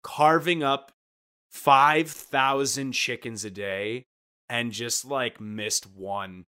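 A man's voice: mid-range voice, extremely slow, pushed and bright, smooth. A young man in casual podcast chat, rambling and profane, acting out comic bits.

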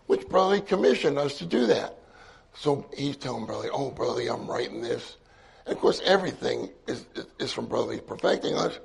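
Male church speaker, sermon anecdote, slightly high, raspy, relaxed conversational delivery. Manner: conversational anecdote with quoted dialogue and laughs. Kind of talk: sermon storytelling.

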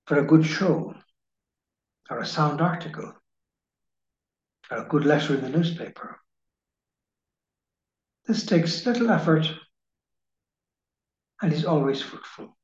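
A man giving a slow, measured spiritual reading in the manner of a preacher. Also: fairly high pitch. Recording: echoey room, dull lo-fi sound.

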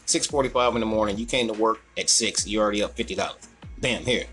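A man telling a long, profane work story in casual chat. He acts out the other people in a higher voice. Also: fast talker, fairly bright tone, faint music behind.

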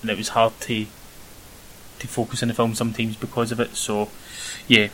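A young Scottish man with a bright, forward voice talks casually through a film review, wandering and hesitant with plenty of ums. A faint hiss sits under the recording. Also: fairly low pitch, level tone, normal speed, poor audio. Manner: rambling, hesitant, many ums. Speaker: podcast co-host.

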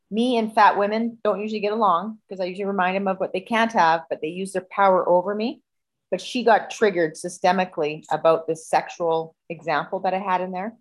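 A woman on a video call telling a personal story in a heated, profane, animated way. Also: fairly low pitch, poor audio. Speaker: guest.

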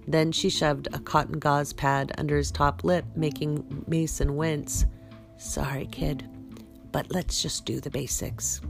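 A woman reads a story aloud in a low voice with a gravelly edge. Her delivery is unhurried, and she corrects her small slips as she goes. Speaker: host and story reader.

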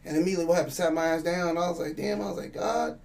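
A man's voice: fairly high pitch, fairly even intonation, rapid-fire, gravelly, a little mellow, far from the mic, slight background noise. A man telling a spiritual story in casual chat, rambling and profane, acting out the dialogue. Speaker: guest.

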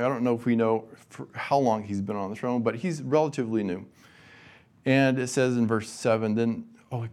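A man giving a college chapel sermon, casual and joking with the audience. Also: medium pitch. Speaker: guest chapel speaker.

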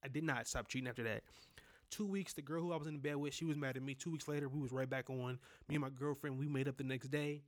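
Young male podcast host, candid storytelling monologue, frequent cursing, middle pitch. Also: steady tone, fast. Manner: candid, profane, talks straight to listeners. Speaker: podcast host telling personal stories.

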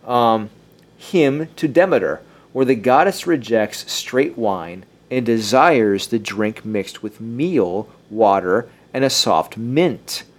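A man's voice: medium pitch, animated, slow pace. A man hosting a casual group discussion. He laughs often, restarts his sentences and at times reads passages aloud.

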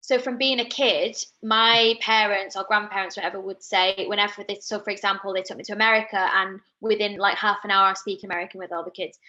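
Bright, giggly English actress. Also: female voice, mid-range voice, fast talker, hardly any pauses, muffled recording. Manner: giggly, animated, chatty. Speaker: actress guest. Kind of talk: casual interview chat.

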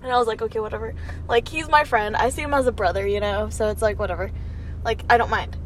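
A woman's voice: fairly high pitch, fast, slight background noise. A young woman telling a rambling story in casual chat, coughing from smoke now and then. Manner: rambling, laid-back, laughs and coughs often.

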